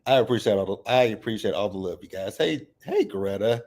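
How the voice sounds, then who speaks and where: Mellow-voiced man chatting on a livestream. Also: lowish voice, animated, a little fast. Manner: open and emotional, fighting back tears. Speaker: reality TV recap host. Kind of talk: casual livestream recap chat.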